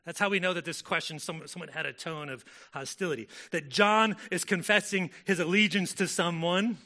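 A man's voice: high-pitched, moderate pace, bright, forceful tone. A man preaching a sermon in a conversational way, with frequent fillers and self-corrections as he explains a scripture passage. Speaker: pastor.

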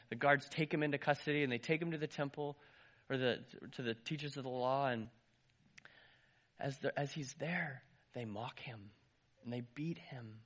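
A man preaching a sermon, retelling a story lively, his voice rising and dropping with some restarts. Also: medium pitch. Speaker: pastor.

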